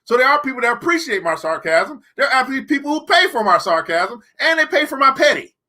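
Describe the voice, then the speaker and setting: High, bright-voiced man leading a book club. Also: big pitch swings. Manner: emphatic, repeats key lines slowly for effect; sarcastic, laughs between points. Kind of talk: live-streamed motivational book discussion.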